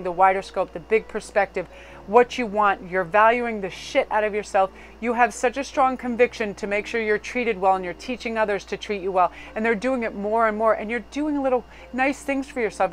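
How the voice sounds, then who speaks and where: Hyped-up woman doing a tarot reading, cussing n laughing, mid pitch. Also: slight background noise. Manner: excitable, swearing, laughing, rapid bursts of energy. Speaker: tarot card reader. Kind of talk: casual tarot reading to camera.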